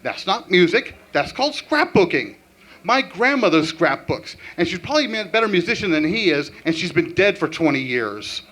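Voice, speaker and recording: A man performing a stand-up comedy set with an animated, punchline-driven delivery. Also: high voice, moderate pace.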